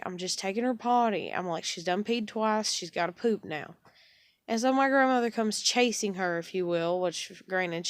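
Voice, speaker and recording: A woman's voice: on the low side, no room sound. Frustrated woman venting, rambling. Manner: frustrated, rambling, swears often. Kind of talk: casual venting monologue.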